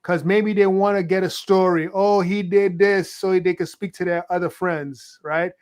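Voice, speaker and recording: High-voiced man, hesitant talker. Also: steady tone, moderate pace. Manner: hesitant, stacks fillers like "right?" and "like". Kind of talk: casual opinionated discussion.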